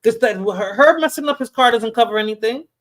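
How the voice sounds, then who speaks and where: A woman's voice: a little high, brisk. A woman hosting a livestream, chatting casually and laughing while reacting to a clip. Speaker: livestream host.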